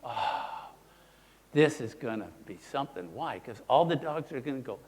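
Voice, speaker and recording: A man presenting a teaching seminar, who talks in an animated way and acts out his examples in character voices. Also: medium pitch, normal speed, breathy edge. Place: presentation room. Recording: long hall reverb.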